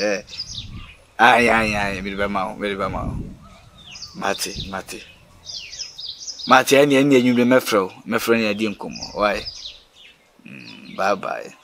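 An actor playing a boastful, coaxing property agent in a comedy film. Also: male voice, mid-range voice, fairly bright tone, a little hiss or hum.

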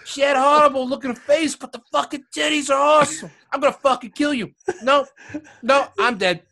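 A man's voice: very high-pitched, fairly quick, bright, forceful tone, heavily acted. A man putting on a stereotypical Italian accent to comically dub a crude, brash middle-aged tough guy in a movie. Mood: brash, rowdy. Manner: profane, brash, laughing through lines.

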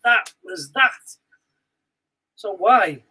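A man with a Scouse accent, chatting on a live stream as co-host, blunt and animated, telling stories with lots of restarts. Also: sits high, extremely slow, husky, rough recording. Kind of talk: casual live-stream chat.

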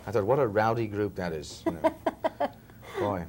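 A man's voice: on the low side, huge pitch swings, normal speed, a little mellow, a little hiss or hum. A man, telling stories as a film actor being interviewed, chatty and chuckling now and then. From England, Liverpool. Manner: chatty storyteller, often chuckling. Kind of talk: relaxed interview chat.

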